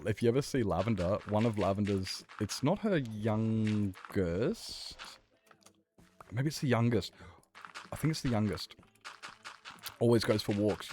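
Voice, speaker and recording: Aussie streamer, fairly deep voice, loose profane storyteller, light key clicks in background. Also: male voice, a little mellow, a little hiss or hum. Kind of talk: casual chat while gaming.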